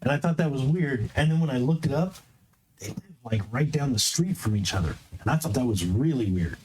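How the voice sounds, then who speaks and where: A man's voice: mid-range voice, expressive, fairly quick, darkish tone, slight background noise. A man playing a tabletop game, speaking eagerly and earnestly in character. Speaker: player. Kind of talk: in-character tabletop role-play.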